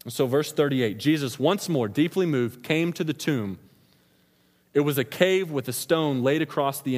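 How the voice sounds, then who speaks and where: Casual preacher in an echoing hall. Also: male voice, mid-range voice. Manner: casual, slangy storytelling preacher. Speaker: pastor. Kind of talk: sermon. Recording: long reverb of a large hall.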